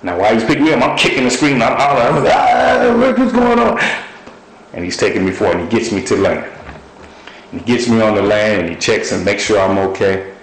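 Male preacher, lower voice, animated storyteller, roomy echo. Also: fast talker, a little hiss or hum. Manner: storytelling, animated with sudden high shouts. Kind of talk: sermon.

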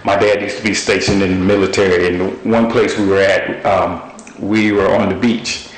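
A man preaching a sermon, telling stories with animated delivery. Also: normal speed, reverberant, low-quality recording. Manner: storytelling, animated with sudden high shouts.

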